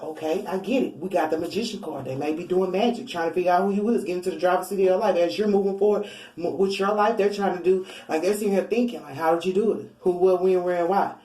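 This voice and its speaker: Tarot reader woman, relaxed chatty delivery, a little off-mic in an echoey room. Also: medium pitch. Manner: chatty, informal, laughs often. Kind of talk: casual spiritual reading. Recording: roomy, a bit far from mic.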